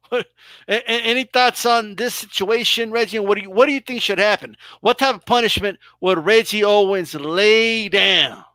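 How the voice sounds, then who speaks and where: Man, live boxing stream host, high bright voice, emphatic, cursing, dry close sound. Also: normal speed, no echo. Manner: emphatic, swearing, exaggerated mock reactions. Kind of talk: casual live-stream chat.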